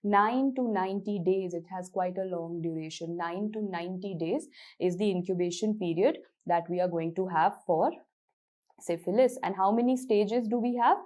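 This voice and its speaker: A young woman with an Indian English accent teaching a medical class. Her voice is mellow and warm, and she talks in a chatty way, drilling her points with repetition and tossing in Hindi words. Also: on the low side, normal speed. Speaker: medical lecturer. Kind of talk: exam-focused lecture with mnemonics.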